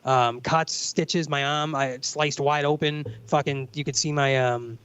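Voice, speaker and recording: A man's voice: fairly high pitch, steady tone, a little slow, a bit bright, clean tone, no room sound. A man on a casual livestream telling a rambling story, swearing often and saying bro and dude. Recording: dry, dull lo-fi mic.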